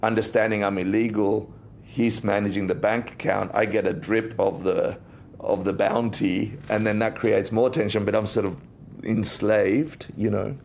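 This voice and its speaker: Low gravelly man telling a story. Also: normal speed, slight background noise. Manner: animated storyteller, acts out quotes. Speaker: interview guest, Buddhist teacher. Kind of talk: casual storytelling in a podcast interview.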